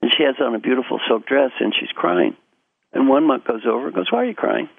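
Older male coach, lively storytelling, gravelly and dry, phone-line sound. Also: mid-range voice, a little fast, dry recording. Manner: animated storyteller, acts out quotes. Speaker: guest, executive coach. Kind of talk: storytelling interview answers.

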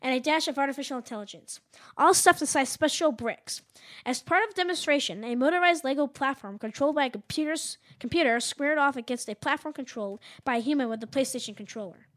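Teen female podcast host, high voice, reads tech news, trips over words and jokes about it. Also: fast talker, fairly bright tone. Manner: reads news items aloud, stumbles and jokes at herself. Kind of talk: casual gadget news chat.

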